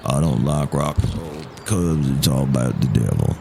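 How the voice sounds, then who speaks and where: A man's voice: a bass voice, moderate pace, vocal fry, warm tone, slight background noise, pitched below the performer's own voice. A man voicing a grumpy, disgruntled male fiddle player who grumbles his disapproval. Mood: grumbling.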